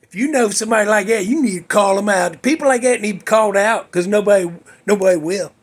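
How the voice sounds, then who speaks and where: Hosting a show, a man delivers a casual monologue about something that happened at work. His voice sits high and moves fast, and his telling is folksy, salty and worked up.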